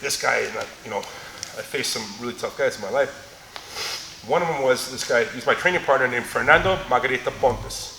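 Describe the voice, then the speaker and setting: In a large, echoey training gym with faint ambience and background noise, a middle-aged man teaches a live martial arts seminar. Speaking in a mid-range voice at a moderate pace, he demonstrates moves and tells joking anecdotes between them, laughing often.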